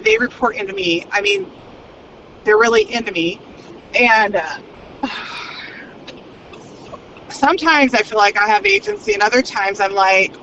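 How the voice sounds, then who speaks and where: A woman vlogging while she drives, talking in a fast, crude and unfiltered stream. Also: on the high side, bright, forceful tone. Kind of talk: rambling monologue while driving. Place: inside a car in traffic. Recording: dull lo-fi car recording with road noise. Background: traffic noise.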